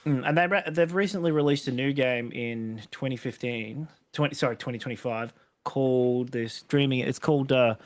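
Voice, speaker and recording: A man's voice: mid-range voice, normal speed. A man co-hosting a casual podcast, telling rambling stories and laughing often. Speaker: podcast co-host. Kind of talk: casual chat.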